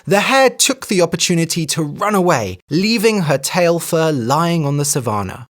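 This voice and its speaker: An English teacher reading a children's story aloud for learners, clear and expressive. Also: mid-range voice, moderate pace.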